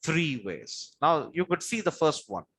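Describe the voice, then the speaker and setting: A man teaching pronunciation in a classroom lecture. He asks his own questions, answers them himself and spells out letters slowly. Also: a little high, big pitch swings, fairly bright tone, slightly rough. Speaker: English teacher.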